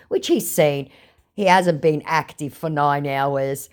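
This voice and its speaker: एक महिला जो व्यंग्य भरे, मज़ाकिया अंदाज़ में स्कैमर से हुई चैट पढ़कर सुनाती है और उस पर टिप्पणी करती है।. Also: female voice, low voice, expressive, moderate pace, a little mellow. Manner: sarcastic, mocking. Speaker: scam baiter. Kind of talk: reading out chat messages with commentary.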